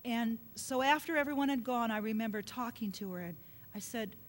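A middle-aged woman preaching a sermon, telling a personal story earnestly and dropping to a soft hush at emotional points. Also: fairly quick. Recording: long hall reverb with faint low rumble.

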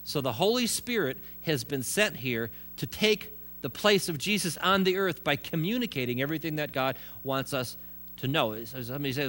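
A man's voice: a little high, expressive, normal speed, a bit bright. A man preaching a sermon in a conversational way, with restarts and joking asides. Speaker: pastor.

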